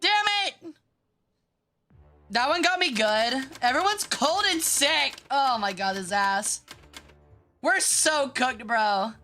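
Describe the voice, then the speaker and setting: A woman streaming a game with casual commentary. She sounds bratty, swears freely and reacts fast. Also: sits high, expressive, sharp tone, faint music behind.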